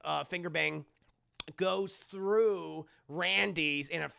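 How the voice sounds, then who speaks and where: A man streaming an anime review who tells the story in animated, profane casual talk to his live chat and acts out the characters. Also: a little high, slow pace, creaky, clear, resonant tone.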